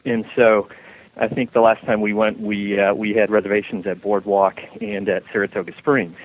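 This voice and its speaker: A man's voice: lowish voice, flat delivery, normal speed. A man from Michigan calls in to a radio show and rambles through a tip, full of hesitant fillers. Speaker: caller. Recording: tinny phone line.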